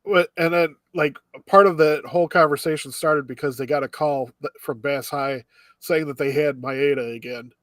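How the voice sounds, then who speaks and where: A man's voice: fairly high pitch, steady tone, moderate pace, a bit bright, no echo. A man co-hosting a podcast, recapping anime episodes in casual chat and laughing often as he goes. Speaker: podcast co-host.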